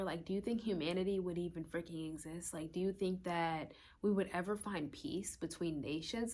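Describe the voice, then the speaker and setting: A young woman astrologer talking casually in a vlog, rambling through rhetorical questions and swearing now and then. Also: medium pitch.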